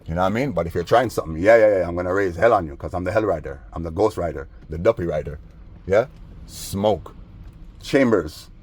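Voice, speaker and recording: A man's voice: deep voice, brisk, darkish tone, husky. A man vlogging casually, rambling through a story in slangy talk with constant asides. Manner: rambling, slangy, with frequent "you know what I mean".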